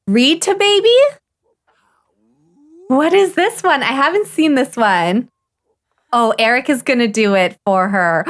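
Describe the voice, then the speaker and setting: Excitable woman gushing over a game. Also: on the high side, normal speed. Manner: excitable and gushing, gasps and laughs often. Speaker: streamer. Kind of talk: casual live gameplay commentary.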